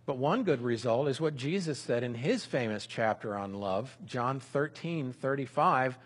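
A man giving a sermon in a relaxed, conversational way, speaking example prayers aloud as he teaches. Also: mid-range voice, measured pace, hardly any pauses, husky. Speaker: pastor.

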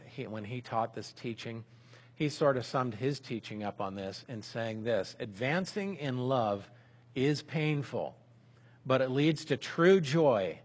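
A man preaches at mid pitch in an easygoing sermon, stopping to voice sample prayers as part of the lesson. His voice has a husky, slightly breathy grain. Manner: conversational preaching, with prayers spoken aloud as examples. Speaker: pastor.

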